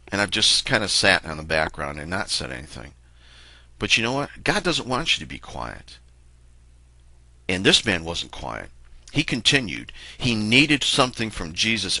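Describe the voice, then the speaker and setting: A man reading a Bible passage aloud and then giving an earnest, reflective devotional talk with slow pauses. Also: low-pitched, bright, forceful tone, no room sound. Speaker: lay preacher.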